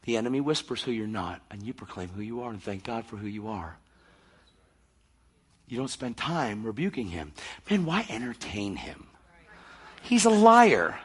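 A male preacher delivering a fervent sermon, acting out scenes and swinging between shouting and near-whispers. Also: fairly low pitch, animated, normal speed, breathy edge.

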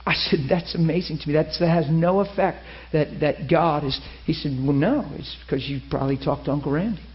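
A man preaching a sermon, telling a story with lively acted-out quotes. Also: a little high, a little fast. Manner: animated, acts out quoted voices. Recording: muffled lo-fi sermon recording.

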